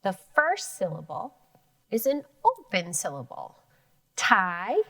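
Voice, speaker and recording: A woman teacher giving a phonics lesson to children, slowly and clearly stretching out sounds and spelling letters. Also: mid-range voice, animated, no echo, far from the mic. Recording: dry sound, voice a bit off the mic.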